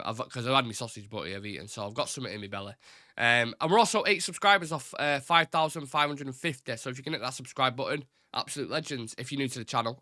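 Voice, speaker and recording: A man's voice: mid-range voice, sharp tone, no echo, clean studio sound. A man hosting a football fan live stream, talking casually and at length, rambling with strong opinions and the odd swear word. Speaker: host of a football fan show.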